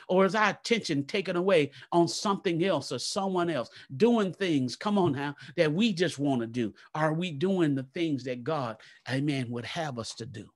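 A man preaching a live church sermon, fervent and repetitive, praying aloud between points and swinging from a low murmur to loud exclaims. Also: animated, moderate pace, few pauses. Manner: fervent, repeats "come on now" and "glory to God". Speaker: pastor.

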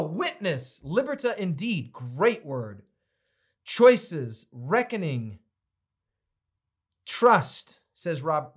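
A middle-aged male pastor with a fairly high voice teaches a Bible study. He preaches with conviction and then slips into a chatty, playful tone as he reads out viewers' comments. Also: a bit bright, breathy edge.

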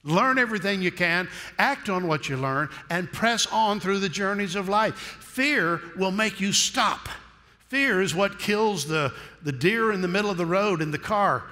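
A man's voice: high voice, animated, measured pace, sharp tone, big-room sound. A man preaching a sermon in a folksy, humorous storytelling manner.

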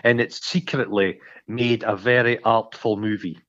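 A man's voice: fairly low pitch, steady tone, unhurried, a bit bright. A man co-hosting a podcast, chatting casually about a film, swearing freely and acting out quoted lines. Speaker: podcast co-host. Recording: dull lo-fi sound.

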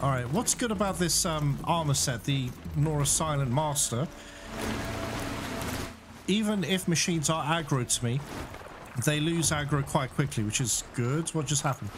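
A man's voice: on the high side, animated, normal speed, noisy background. A man giving chatty let's-play commentary, laughing often and bursting out in exasperation at the game. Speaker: gaming YouTuber. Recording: game music playing behind the voice.

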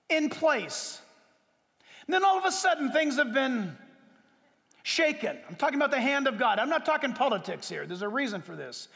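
A man delivers a sermon from the pulpit, his voice sitting very high. He preaches emphatically, jumping in pitch and stretching out words for weight. The sound carries a long reverb from the church hall. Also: a bit bright. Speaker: pastor. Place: church sanctuary.

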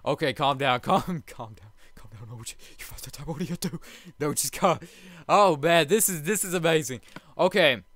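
A man hosting a let's play, chatty and jokey, swinging from hushed murmurs to loud excited outbursts. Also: fairly high pitch, moderate pace. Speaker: gaming channel host.

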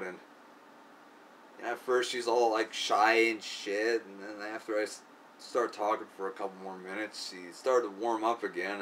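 A man's voice: lowish voice, a bit bright. A man telling a long personal story in casual, profane, rambling speech full of fillers. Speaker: video creator. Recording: distant mic, faint background noise.

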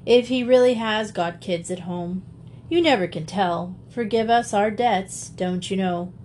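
A woman's voice: mid-range voice, unhurried, darkish tone, slight background noise, lightly acted. Woman reading as a stern but kindly father. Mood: easygoing. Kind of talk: audiobook character reading.

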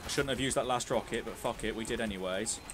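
A man's voice: lowish voice, fast talker, music in the background. A young man giving casual, sweary, joking commentary while streaming a game.

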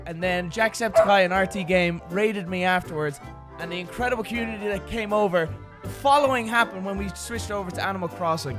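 A young man on a charity livestream, excitable, loud and sweary as he thanks donors. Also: high-pitched. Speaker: streamer.

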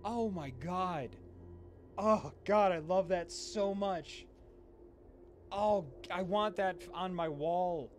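A man's voice: high-pitched, slow pace, a little hiss or hum. A man hosting a casual card game stream, gushing over the card art and swearing freely. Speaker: streamer host.

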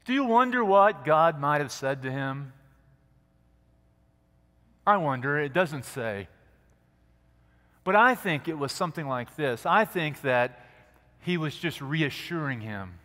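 A man preaching a sermon as pastor, earnest and gentle, dropping to a soft hush at quiet moments. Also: a little high, animated, takes it slowly, long pauses. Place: church sanctuary. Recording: long church hall reverb.

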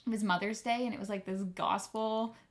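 A woman's voice: mid-range voice, steady tone, a little fast. A young woman co-hosting a podcast, chatting casually with lots of "like" fillers. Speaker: podcast co-host. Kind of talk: casual chat.

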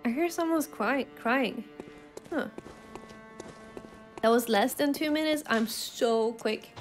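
A woman's voice: high-pitched, slow, long pauses. A woman streamer giving casual gameplay commentary, chatty and giggly, reacting aloud to what happens on screen. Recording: game music behind voice. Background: game music.

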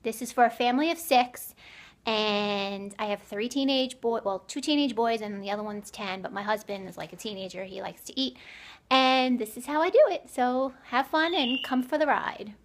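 Filming as she shops, a middle-aged woman vlogger walks and chats casually through stores, her car and her home. She speaks at a normal speed in a fairly high voice.

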